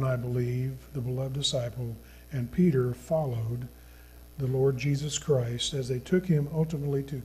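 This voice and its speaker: A man preaching a sermon as a pastor, reading scripture in an earnest, slow manner that sinks to a hushed tone at solemn points. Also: mid-range voice, husky, rough recording.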